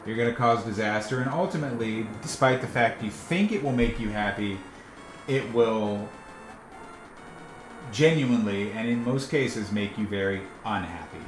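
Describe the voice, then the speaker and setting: A man, the creator of a cartoon, telling stories in casual chat, laughing often. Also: lowish voice. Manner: chatty, laughs often, animated storyteller. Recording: roomy echo, faint music.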